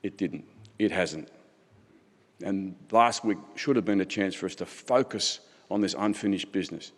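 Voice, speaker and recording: A man's voice: low-pitched, moderate pace. Impassioned man speaking in a reverberant hall. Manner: impassioned, rhetorical repetition. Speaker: keynote speaker. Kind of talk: conference keynote speech. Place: large conference hall.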